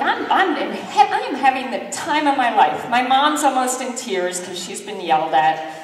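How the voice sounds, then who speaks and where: A middle-aged woman tells a story to an audience with animated, self-mocking energy, acting out the voices of others. Her voice sits at a medium pitch and is picked up from a distance. It rings through a large, reverberant hall. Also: slight background noise. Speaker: keynote speaker. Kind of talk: lively storytelling speech. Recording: echoey hall from far off.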